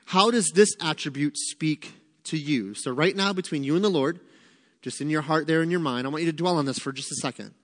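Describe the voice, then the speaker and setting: A man's voice: a little high, fairly quick. Man preaching in a reverberant hall. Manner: conversational, emphatic teaching with repetition. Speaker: pastor. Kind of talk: sermon.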